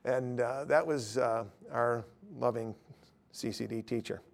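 A middle-aged man telling stories in casual talk, swinging from loud emphatic lines to low mumbled asides. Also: fairly even intonation, unhurried, gravelly.

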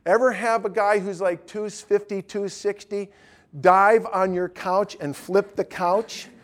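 A man's voice: sits high, measured pace. A man in his fifties teaching a class on evangelism, telling stories and pressing his listeners with emphatic questions. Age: 50s. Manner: animated storytelling, rising to emphatic questions.

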